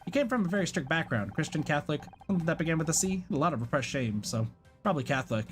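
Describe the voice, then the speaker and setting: A man's voice: fairly high pitch, animated, rapid-fire, fairly bright tone, soft background music, pitched above the performer's own voice. A man voicing a brash, flamboyant woman who performs at a drag bar in a video game. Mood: chatty. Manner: flamboyant, sassy.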